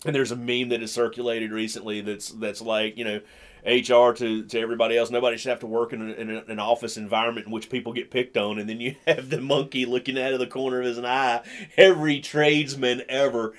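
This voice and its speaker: A man's voice: mid-range voice, little pitch movement, fast. A man talking in a casual chat, joking and teasing, laughing often. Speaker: podcast co-host.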